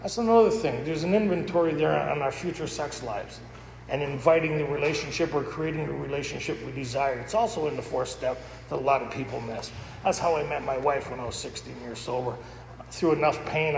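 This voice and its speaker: A man's voice: mid-range voice, brisk, gravelly. A middle-aged man giving a candid, rambling personal testimony as a recovery meeting speaker. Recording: echoey hall with faint noise.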